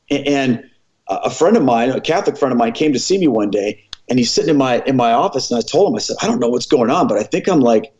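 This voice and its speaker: Podcast guest, 40s man, earnest and animated, acts out the dialogue, average pitch, muffled audio. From American Midwest. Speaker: former pastor, podcast guest. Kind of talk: storytelling in a conversational interview.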